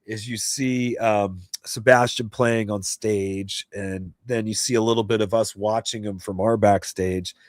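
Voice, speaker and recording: A man's voice: fairly low pitch, steady tone, unhurried, hardly any pauses, no echo, studio quality. A middle-aged man hosting a casual livestream chat from home, rambling with many fillers and restarts and reading chat messages aloud. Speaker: host.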